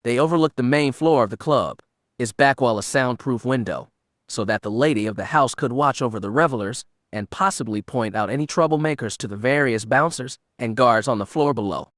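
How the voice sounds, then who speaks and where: A man's voice: medium pitch, a little fast, fairly bright tone, no echo, studio quality. Man narrating a space-fantasy audiobook. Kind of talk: scripted narration.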